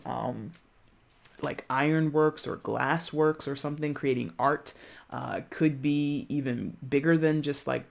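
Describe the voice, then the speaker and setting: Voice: medium pitch, vocal fry. A chatty tarot reader giving a casual reading to viewers, rambling and searching for words aloud, often checking in with "okay?". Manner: addresses viewers directly, frequent "okay?".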